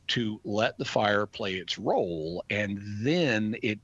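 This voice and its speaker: A man from the United States, speaking as a guest expert on a talk show, lays out his points patiently with examples. His voice sits low but carries a bright, forceful edge. The studio sound is dry and a little muffled. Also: animated, slow, slightly rough, no echo. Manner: thoughtful, explains at length with examples. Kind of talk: casual explanatory radio talk.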